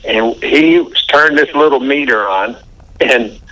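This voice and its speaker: A man's voice: mid-range voice, slow pace, pushed and bright, low-quality recording. An older man telling a story in an interview, chatty and folksy, chuckling as he recounts. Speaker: interview guest.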